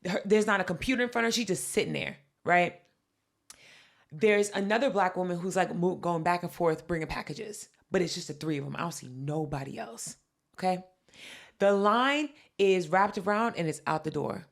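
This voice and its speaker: A woman co-hosting a podcast, telling a story in casual chat with lively, profane delivery. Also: fairly low pitch, moderate pace. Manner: animated, profane, acts out quotes. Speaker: podcast co-host.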